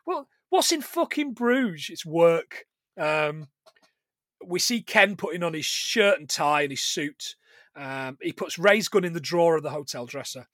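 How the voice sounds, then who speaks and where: A man's voice: a little high, measured pace, pushed and bright, dry recording. A British man, casually recapping a film on a podcast, swearing freely and acting out lines. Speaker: podcast co-host.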